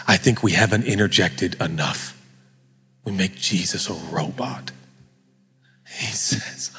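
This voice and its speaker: Animated, husky preacher in an echoing hall. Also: male voice, lowish voice. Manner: animated, joking, conversational. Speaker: pastor. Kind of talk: sermon.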